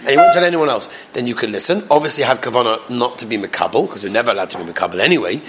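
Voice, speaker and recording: A man teaching a Torah lesson to a class, animated and quizzing his students. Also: medium pitch, very fast, a little hiss or hum. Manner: animated, asks the class questions.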